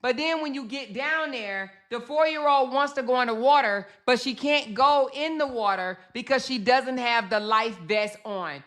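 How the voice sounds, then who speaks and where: A woman's voice: on the high side, normal speed, hardly any pauses, fairly bright tone. A woman hosting a reaction commentary, fired up and emphatic, swearing and acting out what others said. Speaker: commentary host.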